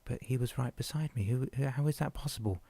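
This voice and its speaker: A man voicing a panicked woman who has lost her husband, pitching his voice up and pleading. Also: a little fast, vocal fry, mellow, no echo. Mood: distraught.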